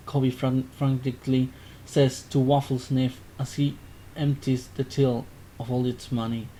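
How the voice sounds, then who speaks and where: A man reads a text adventure aloud in a casual way, pausing to fix his slips. His voice has a dark, mellow tone at a middle pitch. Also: level tone, slight background noise. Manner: casual, self-interrupting narration. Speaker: gaming video creator. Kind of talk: reading a text game aloud.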